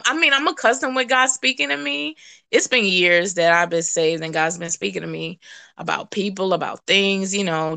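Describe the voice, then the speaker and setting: A woman sharing a casual, animated testimony, laughing and jumping to high exclamations. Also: smooth. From West Indian. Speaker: prophetic preacher.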